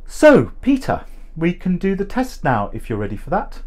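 Man voicing a gentle coaxing woman, raised pitch, storybook reading. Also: huge pitch swings, normal speed, heavily acted. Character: gentle adult woman giving a test.

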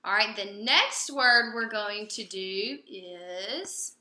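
A young woman teaching a phonics lesson to young pupils, patient and prompting, pausing for answers and praising them. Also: mid-range voice, bright, forceful tone, a little hiss or hum. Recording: roomy echo.

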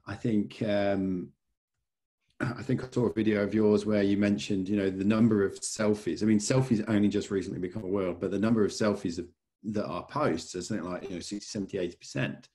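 A man's voice: lowish voice, fairly even intonation, fairly quick, dark tone. A man interviewing a guest, thinking aloud in a hesitant, rambling way with many fillers. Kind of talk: casual interview conversation.

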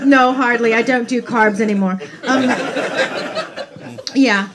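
A woman from the United States, a panel guest telling stories at a bookshop event, lively and hesitant by turns. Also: a little high, a little slow, very noisy. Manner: animated storytelling with hesitations. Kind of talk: casual anecdote on a panel. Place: bookshop event before a live audience.

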